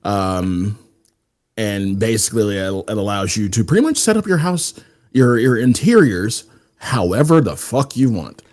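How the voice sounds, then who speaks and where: A man's voice: fairly low pitch, lively intonation, moderate pace, a little mellow. A man co-hosting a casual discussion show, hesitant and often restarting his words. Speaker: podcast co-host. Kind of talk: casual chat.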